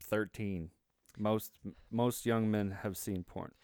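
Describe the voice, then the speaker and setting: A man's voice: lowish voice, fairly even intonation, takes it slowly, darkish tone, clean tone, dry recording, clean studio sound. A man co-hosting a casual podcast, blunt and emphatic in his opinions. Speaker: podcast co-host.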